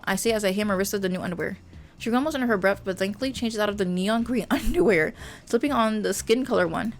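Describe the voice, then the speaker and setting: A woman streamer reading a visual novel aloud and reacting with animated exclamations. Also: mid-range voice, fast. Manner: animated, exclaiming and laughing at the story.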